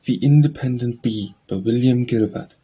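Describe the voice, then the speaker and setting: A man reading poetry aloud for an audiobook in a measured, steady recitation. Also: mid-range voice, breathy edge, lo-fi sound. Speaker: audiobook narrator.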